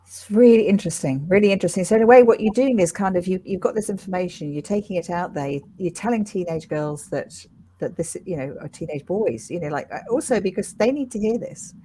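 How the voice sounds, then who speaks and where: A woman's voice: fairly low pitch, lively intonation, a little fast, mellow, a little hiss or hum. A woman in her fifties hosting an interview, talking in a thoughtful, reflective way and often agreeing with her guest. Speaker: interview host. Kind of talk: casual interview chat.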